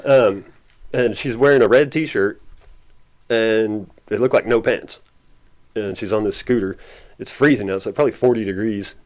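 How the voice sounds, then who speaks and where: Male guest, lower voice, rambling casual story with a lot of chuckling. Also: normal speed, a little mellow. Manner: rambling, laughs often.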